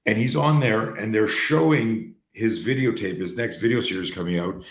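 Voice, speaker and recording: A man with a very low voice tells stories casually and with energy. He restarts his sentences often and swears freely. He sounds like he is in a roomy space with a clear echo. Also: normal speed. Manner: animated, profane, restarts often. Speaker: host. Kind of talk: casual storytelling talk.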